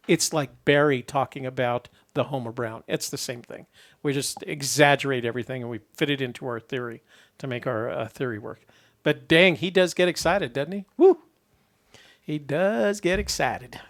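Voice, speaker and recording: Gravelly-voiced man hosting a call-in show. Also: medium pitch. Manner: easygoing, rambling with fillers. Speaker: host.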